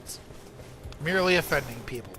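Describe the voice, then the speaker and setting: A slightly high-voiced man goes on a heated, swear-filled rant while he plays through a video game. His live-stream commentary is loose and argumentative. Game music plays clearly underneath his voice. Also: sing-song, a little fast. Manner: profane, argumentative ranting.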